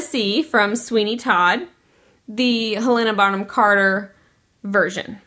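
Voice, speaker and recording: A woman's voice: mid-range voice, takes it slowly, sharp tone. A woman hosting a podcast in a casual, chatty way, laughing often. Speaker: podcast host. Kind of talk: casual chat.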